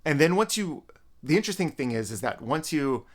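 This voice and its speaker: A man's voice: fairly high pitch, sing-song, fairly quick. A man in casual, rambling talk about the games he is playing, often restarting his sentences. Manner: rambling, self-correcting, frequent restarts. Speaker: gaming vlogger. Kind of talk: casual gaming commentary.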